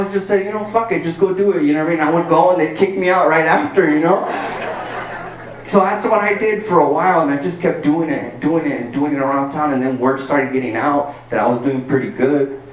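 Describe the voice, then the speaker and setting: Male stand-up from El Paso, profane and animated, slightly higher register, roomy sound with faint background hiss. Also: brisk. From El Paso, Texas. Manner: animated and profane, peppered with "like" and "dude". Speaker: stand-up comedian. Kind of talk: stand-up storytelling. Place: packed garage show. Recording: roomy sound from a distant mic.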